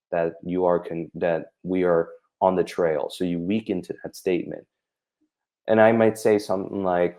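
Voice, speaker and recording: A man's voice: low-pitched, dark tone. A man working as a holistic practitioner, explaining his practice in conversation and acting out exchanges between himself and a patient, with many fillers.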